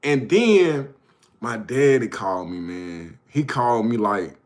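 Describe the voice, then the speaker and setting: A man's voice: mid-range voice, expressive, slow pace, darkish tone. A man hosting his own show, telling stories casually, often laughing and calling the listener bro. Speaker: host. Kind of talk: casual storytelling.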